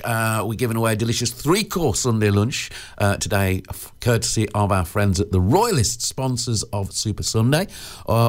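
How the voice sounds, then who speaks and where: A man presenting local radio, chatting casually with plenty of fillers and restarts. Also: fairly low pitch.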